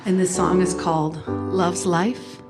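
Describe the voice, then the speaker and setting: A woman minister giving a gentle, intimate sermon on a handheld mic in a church, with soft hushed phrases. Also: lowish voice, fairly even intonation, slow pace, over music. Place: church sanctuary.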